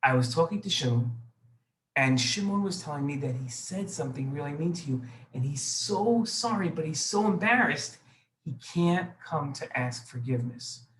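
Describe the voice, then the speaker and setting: A man doing a gentle, coaxing old-time priest. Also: on the high side, expressive, normal speed, roomy sound, slight background noise. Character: gentle kindly male high priest, peacemaker.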